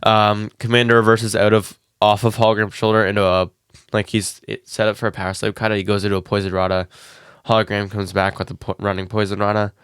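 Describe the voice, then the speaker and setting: A man's voice: lowish voice, level tone, fast, a bit bright, clear, resonant tone, no echo, studio quality. Congested man recapping wrestling matches. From Canada. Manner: rambling play-by-play with many "like" and "um". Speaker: podcast co-host. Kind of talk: casual wrestling recap chat. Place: home basement.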